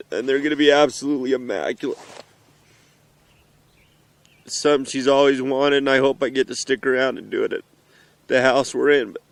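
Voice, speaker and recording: A middle-aged father speaks to his children from the mountains, emotional and earnest, his heartfelt words coming haltingly with pauses and restarts. He has a medium-pitched voice.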